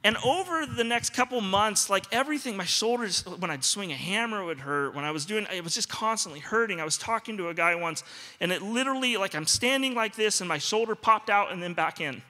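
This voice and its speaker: A man's voice: sits high, expressive, a little fast, pushed and bright. A man, a pastor, giving a sermon, telling self-deprecating stories with humor and acting out dialogue. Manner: self-deprecating, comic storytelling with acted-out dialogue. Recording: long reverb of a large hall.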